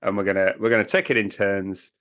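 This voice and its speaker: This is a British man co-hosting a relaxed camping podcast. His voice sits slightly low, and he rambles along in a chatty, jokey way. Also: fast talker. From Britain. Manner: chatty, joking, puts on silly accents. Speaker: podcast co-host. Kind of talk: casual chat.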